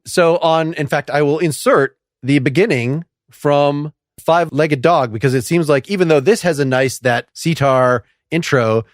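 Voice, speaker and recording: In a clean studio without echo, a mid-range male voice leads a laid-back music podcast interview. He's a curious host whose questions wander on at length, punctuated by plenty of laughs.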